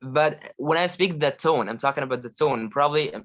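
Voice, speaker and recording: A man's voice: a little high, brisk, fairly bright tone, dull audio. A young Egyptian man with an Egyptian accent, chatting eagerly as a guest with lots of fillers and restarts. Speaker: guest, language learner. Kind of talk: casual video call chat.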